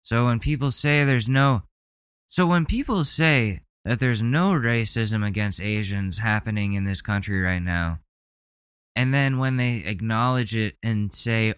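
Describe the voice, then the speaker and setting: A man's voice: mid-range voice, clean tone, no echo. A man hosting a podcast, reacting to videos bluntly and indignantly, swearing often. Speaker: podcast host.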